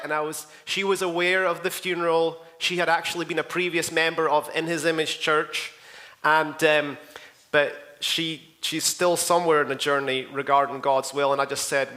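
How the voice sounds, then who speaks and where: A Scottish pastor tells outreach stories in a rambling, jokey way and turns to his listeners with asides. His voice sits high for a man, bright and a little sharp. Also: flat delivery, normal speed. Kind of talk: anecdotal church outreach report.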